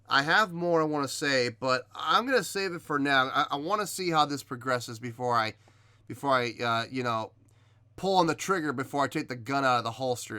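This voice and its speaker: A man hosting a reaction video, giving measured critique in casual talk, often pausing with ums and restarting his sentences. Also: fairly high pitch, pushed and bright, clean tone, dry recording. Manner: hesitant, many ums and restarts. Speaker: reaction video host reviewing a singer. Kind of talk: casual spoken commentary.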